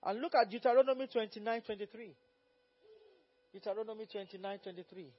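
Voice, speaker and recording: A man preaching at a Bible study as pastor, fervent and repetitive, rising to loud exhortation. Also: high voice, brisk. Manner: fervent, repeats phrases, rises to loud exhortation. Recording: dull lo-fi recording.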